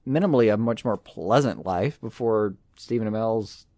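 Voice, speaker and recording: A man co-hosting a podcast, thinking out loud and trailing off as he spins theories. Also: fairly low pitch, expressive, moderate pace, no room sound, studio quality. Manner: muses aloud, trails off, repeats words. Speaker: podcast co-host. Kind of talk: casual podcast chat.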